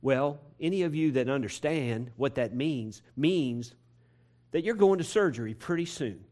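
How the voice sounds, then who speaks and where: A pastor preaching a sermon to his congregation in a church, repeating phrases and building to loud, emphatic peaks. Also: medium pitch, animated, measured pace. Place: church sanctuary.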